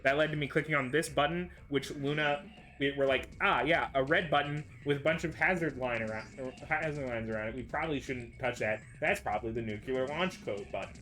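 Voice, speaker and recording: A man's voice: medium pitch, brisk, a bit bright. A young man co-playing a game, chatting casually with playful, boastful banter. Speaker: co-player. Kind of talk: casual gameplay chat.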